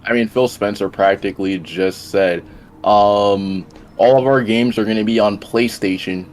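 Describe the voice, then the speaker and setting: Man, guest on a gaming stream, low pitch, rambling, repeats phrases, lots of fillers. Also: measured pace, a little mellow. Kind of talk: casual gaming stream debate.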